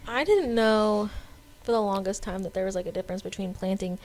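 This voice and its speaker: A young woman co-hosting a podcast rambles through a casual chat, full of fillers and restarts. Her voice is mid-range, a little mellow, and brisk.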